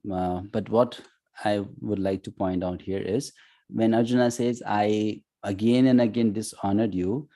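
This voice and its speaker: A man teaching an online scripture class, talking conversationally with frequent "you know" and "hmm", and chanting verses slowly. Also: fairly low pitch, mellow. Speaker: course teacher. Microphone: online class audio.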